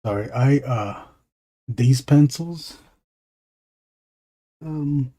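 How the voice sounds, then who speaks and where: A man in his forties, an illustrator chatting casually and haltingly while he draws on a stream. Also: mid-range voice, warm tone. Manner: rambling, halting, distracted asides. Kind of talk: casual chat while drawing.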